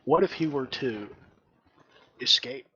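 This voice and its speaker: A man's voice: mid-range voice, lively intonation, takes it slowly, sharp tone, breathy edge. A man playing a tabletop game in casual chat, asking wry, scheming questions. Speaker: player. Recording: dull lo-fi line with faint noise.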